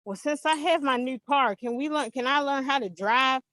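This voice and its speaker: A woman's voice: sits high, moderate pace, pushed and bright, voice pushed up. A woman acting out her teenage son's voice as she tells a story, sounding sincere and eager. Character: teenage son, earnest and eager.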